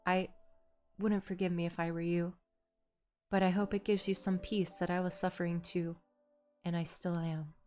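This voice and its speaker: A woman reading a soft-spoken remorseful former bully. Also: lowish voice, level tone, normal speed, pauses often, faint music behind, natural voice. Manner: soft, hushed and apologetic.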